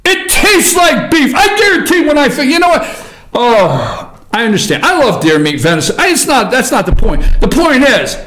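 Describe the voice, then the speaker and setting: Male host, high-pitched, combative ranting commentator who shouts and then mutters. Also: huge pitch swings, normal speed. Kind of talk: political commentary monologue.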